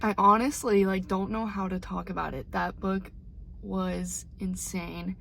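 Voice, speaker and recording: A woman's voice: mid-range voice, level tone, unhurried, vocal fry, a bit bright, a little hiss or hum. Chatty young woman vlogging from her car. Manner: gushing, emotional, rambling. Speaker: book vlogger. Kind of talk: casual reading vlog chat.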